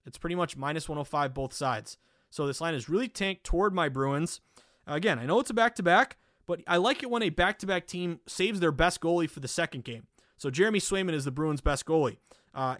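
A man with a Boston accent hosting a solo sports betting podcast, talking energetically with lots of fillers and quick self-corrections. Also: fairly high pitch, expressive, a bit bright, no room sound, clean studio sound.

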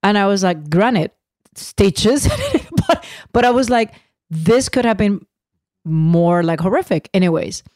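Animated woman telling a story. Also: mid-range voice, unhurried, no room sound, studio quality. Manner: animated, storytelling, laughs often. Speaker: podcast co-host. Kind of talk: casual chat.

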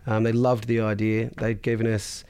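A man's voice: on the low side, completely flat delivery, normal speed, darkish tone, smooth. Chatty man telling a story. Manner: chatty, swears freely, laughs often. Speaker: podcast guest, business founder. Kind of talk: casual storytelling.

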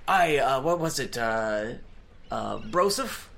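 A man voicing a gruff human ship captain with a pirate accent and a blustery, forgetful manner. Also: medium pitch, lively intonation, slow, bright, forceful tone, heavily acted.

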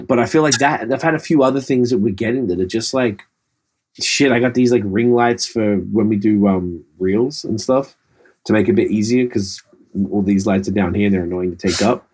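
A man's voice: fairly low pitch, fairly quick, darkish tone, slightly rough. A man co-hosting a podcast, telling rambling, profane stories in casual chat. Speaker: podcast co-host.

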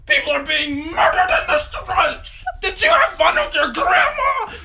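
A podcast talker voicing an outraged, tearful online scold who shouts shrill accusations. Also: big pitch swings, unhurried, a little hiss or hum, exaggerated voice.

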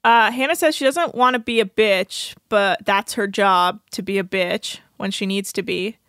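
Female co-host, casual recap chatter, mid-pitched, dry studio sound. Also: normal speed, fairly bright tone, no room sound. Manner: chatty, laughs often, quotes people in passing. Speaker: podcast co-host.

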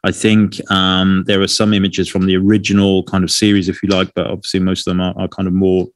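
A man's voice: low voice, completely flat delivery, fast talker, no echo. A man co-hosting a podcast in casual chat, talking in a rambling way and often correcting himself. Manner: rambling, self-correcting, chatty. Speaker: podcast co-host.

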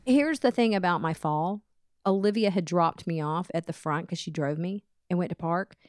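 A middle-aged woman co-hosting a podcast in a studio, chatting casually and telling animated stories. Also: fairly low pitch, moderate pace, dry recording. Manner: chatty storyteller, animated retelling with quoted voices. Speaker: podcast co-host. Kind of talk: casual chat.

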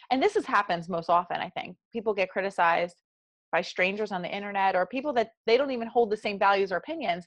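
A woman's voice: medium pitch, no room sound, dull audio. A woman in her forties with a South Jersey accent, a meditation guide talking earnestly in a podcast interview. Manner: earnest and animated, talks through examples.

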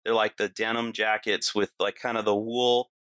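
Bright-voiced man telling a story. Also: fairly low pitch, normal speed, clear, resonant tone, no room sound. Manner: animated, full of "like" and "you know" fillers. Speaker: guest telling a personal story. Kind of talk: casual conversational storytelling.

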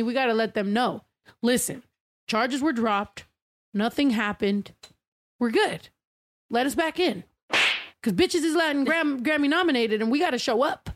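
A breathless woman hosting a casual livestream, her voice sitting slightly high. She talks loudly and excitably and swears freely between quick remarks. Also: noisy background. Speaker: livestream host.

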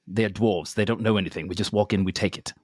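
A man's voice: on the low side, steady tone, fast, a little mellow, dry recording, clean studio sound, lightly acted. A man voicing a reckless young man who coaxes his younger brother into mischief, in a tabletop game. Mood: coaxing. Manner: breezy, coaxing, persuasive.

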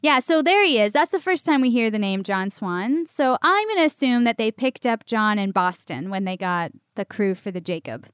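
A woman co-hosting a casual storytelling chat, animated, laughing often and swearing casually. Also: a little high, normal speed, hardly any pauses, clear, resonant tone, no echo. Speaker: podcast co-host.

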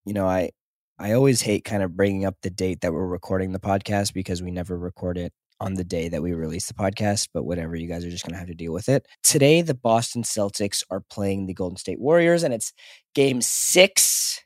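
A man co-hosts a relaxed podcast from a hotel room. He jokes, teases and laughs easily, with casual swearing. The sound is dry and close. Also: low voice, brisk, no echo. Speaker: podcast co-host.

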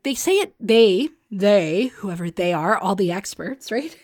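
A woman's voice: medium pitch, animated, a little slow, a little mellow. A woman hosting a solo business podcast, chatty and emphatic, often laughing and acting out what others say. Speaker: podcast host and business coach.

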